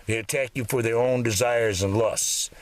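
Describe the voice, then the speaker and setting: A man's voice: medium pitch, fairly even intonation, moderate pace. A man delivering an angry, profane, mocking monologue straight to the camera. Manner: loud and heated, then quieter and lecturing. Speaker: vlogger.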